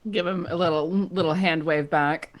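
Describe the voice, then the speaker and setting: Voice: mid-range voice, steady tone, moderate pace. A player in a tabletop game who chats playfully about what their character does. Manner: chatty and playful. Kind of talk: casual table talk.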